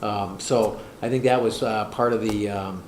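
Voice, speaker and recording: A man with a fairly low voice speaks at a board meeting, hesitant and full of fillers and restarts. The room is echoey, and steady noise sits behind him. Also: a little slow. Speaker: school district administrator. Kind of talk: meeting discussion. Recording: echoey room, noisy, far mic.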